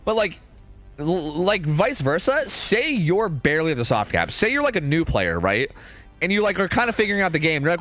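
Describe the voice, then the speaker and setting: Young man, streamer, casual rambling rant with filler words, slightly high voice. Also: big pitch swings, brisk, a bit bright, soft background music. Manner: rambling, full of "like" and "dude", swearing.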